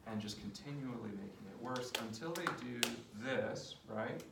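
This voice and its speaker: A gravelly-voiced man explains couples therapy with passion, acting out sessions as he goes. He is heard from some distance in an echoey room with steady background noise. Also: mid-range voice, moderate pace. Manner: passionate, demonstrates with role-play. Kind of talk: explaining therapy method in an interview.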